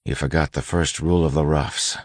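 A battered male lawman speaks in a quiet, level way while he is hurt and tasting blood, voiced by a man in an audiobook. The voice sits extremely low and sounds husky, with a gravelly edge. The recording is close and dry. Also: fairly even intonation, fairly quick, dry recording. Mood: quiet reproach.

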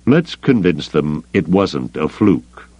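A man voicing a cold, calculating grand admiral who speaks in a measured, controlled way. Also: deep voice, big pitch swings, a little mellow, husky, dry recording, full character voice. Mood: coolly commanding.

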